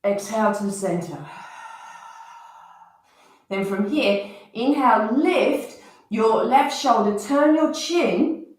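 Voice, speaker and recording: A woman leading a morning stretching and breathing class, coaching calmly with audible sighs and breaths. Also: on the high side, slow pace, pauses often. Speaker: movement and breath instructor. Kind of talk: guided exercise instruction. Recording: roomy sound from far off the mic.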